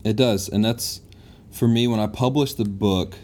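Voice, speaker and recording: A man's voice: on the low side, normal speed, a little mellow, slight background noise. A man hosting a casual conversation, speaking in an earnest, reflective way.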